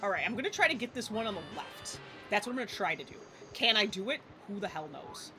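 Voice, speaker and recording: A woman's voice: medium pitch, sing-song, quick pace, over music. A woman around forty giving casual live gameplay commentary as a streamer, exasperated and swearing freely.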